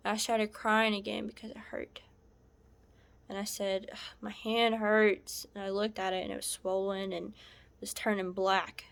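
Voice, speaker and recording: A woman recounting a painful personal story in a halting, soft-spoken way, sometimes dropping to a whisper. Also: mid-range voice, creaky. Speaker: vlogger sharing a personal story. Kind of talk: emotional personal testimony.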